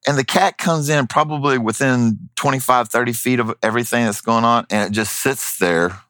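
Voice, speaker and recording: Speaking at a moderate pace with a mid-range voice, this man animatedly recounts an anecdote in relaxed conversation, impersonating the characters as he goes. The recording has no room sound.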